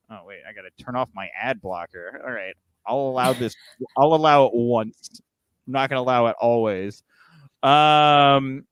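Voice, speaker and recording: A man's voice: medium pitch, a bit bright, clean tone, no echo. A man hosting a live podcast, chatting casually and joking as he reads viewer comments. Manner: loose and joking, with frequent fillers. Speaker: podcast host.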